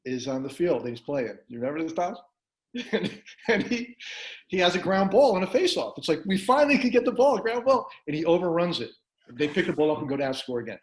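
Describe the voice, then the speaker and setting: A man in his sixties, a former college lacrosse player, telling lively anecdotes to old teammates and acting out his coach's lines. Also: mid-range voice. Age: 60s. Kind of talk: animated storytelling among teammates. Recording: roomy echo.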